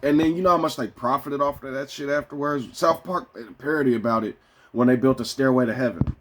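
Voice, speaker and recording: A man venting casually to his viewers in a profane, rambling way, swinging between heated outbursts and quieter musings. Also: medium pitch, brisk. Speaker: vlogger. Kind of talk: casual rant to camera.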